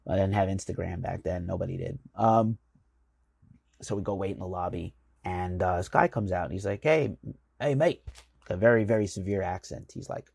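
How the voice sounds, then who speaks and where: A man's voice: low voice, steady tone, fairly quick, vocal fry, a little mellow, breathy edge, no echo. A man from the United States, a magazine editor hosting his show, telling a rambling, enthusiastic story full of fillers. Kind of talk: casual storytelling monologue.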